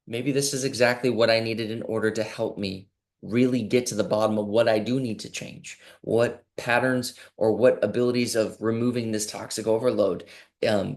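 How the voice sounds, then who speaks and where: An earnest man talks through his view of healing in a reflective monologue. He often slips into quoted voices of the body or of people and stretches key phrases slowly for emphasis. His pitch sits in the middle for a man. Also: a little mellow. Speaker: clinic health speaker.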